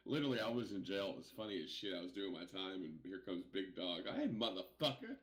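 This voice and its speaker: A man's voice: low-pitched, fast talker, roomy sound. A man streaming a role-play game, chatting casually, swearing freely and laughing often. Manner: laughs a lot, animated storytelling.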